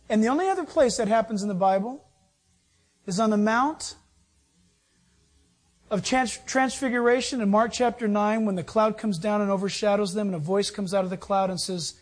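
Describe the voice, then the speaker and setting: A preacher giving a sermon, dramatic, jumping between loud bursts and hushed, intimate asides. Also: medium pitch, moderate pace.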